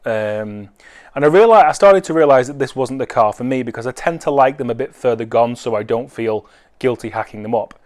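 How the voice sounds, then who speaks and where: A man's voice: mid-range voice, brisk, darkish tone. A man who builds cars, telling a rambling anecdote with wry swearing. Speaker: car enthusiast. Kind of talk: casual anecdote.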